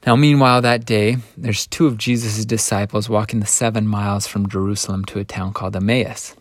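A man teaching a scripture lesson, retelling the story in an animated way that swings between hushed and lively. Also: on the low side, brisk, no room sound, clean studio sound.

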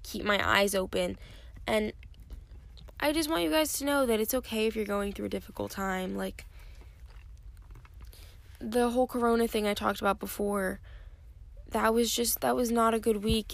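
A young woman hosting her own podcast, talking candidly and rambling with many fillers, tired and yawning. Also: mid-range voice. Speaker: podcast host. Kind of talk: casual solo podcast talk.

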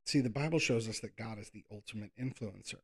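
A man's voice: on the low side, fast, husky. A man preaching a casual sermon, reading scripture and talking conversationally, sometimes doing playful whiny voices. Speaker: pastor.

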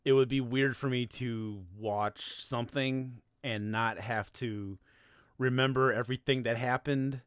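Laughing, chatty male podcast host, smooth dry voice. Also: medium pitch, fairly even intonation, a little slow, no room sound. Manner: chatty and laughing, with frequent fillers. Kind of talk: casual podcast chat.

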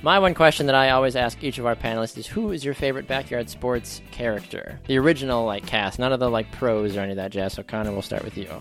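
A man hosting a sports game show podcast, upbeat and teasing his panelists with quick jokes. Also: mid-range voice, a bit bright, soft background music.

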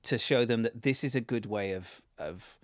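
A man's voice: fairly low pitch, moderate pace, dry recording. Guy hosting a podcast, chatty, dry close mic. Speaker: podcast host. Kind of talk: casual chat.

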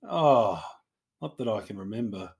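A man's voice: fairly low pitch, expressive, moderate pace, gravelly, a little mellow. Laid-back joking Australian man. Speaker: podcast co-host. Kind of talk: casual podcast chat.

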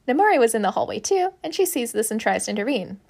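A woman's voice: on the high side, sing-song, quick pace, creaky, a little mellow. A woman casually reading a fan story aloud, chatty, emphatic and swearing freely. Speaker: fanfiction reader.

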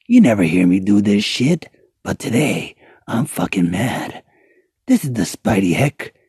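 A man's voice: on the low side, mellow, slightly rough, dry recording. A man delivering a comedic, profane roast rant full of mock-angry insults. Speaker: voiceover ranter.

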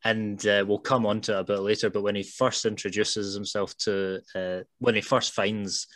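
Low-voiced man explaining calmly. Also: moderate pace, dry recording. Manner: thoughtful, explains at length with "you know". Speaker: podcast guest. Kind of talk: casual film chat.

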